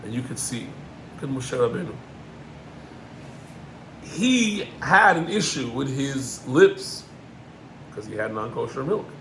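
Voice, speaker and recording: A middle-aged man, a rabbi, gives an animated Torah lesson, climbing in pitch on emphatic points and mixing in Hebrew terms. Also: measured pace, pauses often, background noise.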